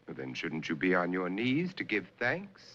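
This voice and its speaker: An actor playing a cruel, commanding middle-aged prince in a cold, mocking manner. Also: male voice, low-pitched, huge pitch swings, normal speed, exaggerated voice. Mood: scornful. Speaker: film villain. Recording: dull old film soundtrack with loud score.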